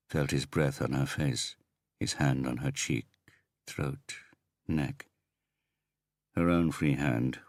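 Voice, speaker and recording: Super deep voiced guy reading an audiobook, measured and even, bone dry sound. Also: gravelly, dry recording. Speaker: audiobook narrator. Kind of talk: scripted narration.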